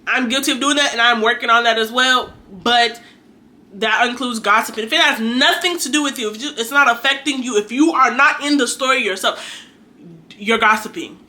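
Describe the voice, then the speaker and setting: A woman's voice: a little high, fairly quick, bright, forceful tone. A young adult woman giving an earnest, chatty faith talk to her viewers, exhorting and conversational. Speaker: faith vlogger. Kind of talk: casual preachy monologue.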